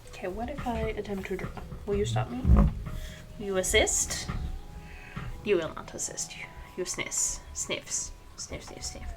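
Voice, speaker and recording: A woman's voice: medium pitch, a little slow, music in the background, rough recording. A young woman streaming her drawing session, chatting playfully and fondly to her cat at her home workspace. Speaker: art streamer. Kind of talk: casual chat while drawing. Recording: clicking noise in background.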